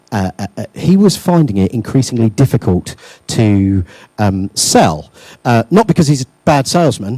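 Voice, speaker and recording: A man's voice: fairly low pitch, mellow, no room sound. A man giving a conference workshop talk, joking and self-deprecating, with many ums and uhs. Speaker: workshop speaker. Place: lecture room.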